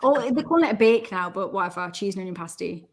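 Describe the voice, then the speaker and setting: Speaking in an animated, medium-pitched voice, a woman in her thirties with a Geordie accent from North East England joins a casual chat as a guest. She's frank and jokey, and laughs often.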